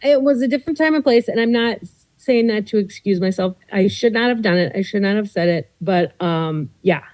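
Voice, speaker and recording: A woman comedian chatting on a podcast, telling animated stories and slipping into quoted voices. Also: medium pitch, fairly quick, low-quality recording. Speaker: comedian guest. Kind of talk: casual podcast chat.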